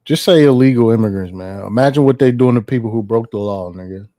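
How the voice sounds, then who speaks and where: Slangy, laughing casual commentator. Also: male voice, fairly low pitch, fast, mellow, no room sound. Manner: slangy, laughing, rambling, profane. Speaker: commentary streamer.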